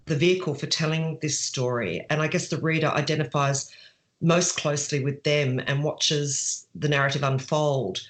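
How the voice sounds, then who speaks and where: A woman's voice: low voice, fairly even intonation, normal speed. A middle-aged woman author answering interview questions in a chatty way, with fillers and restarts. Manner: chatty, with fillers and restarts, laughs while telling stories.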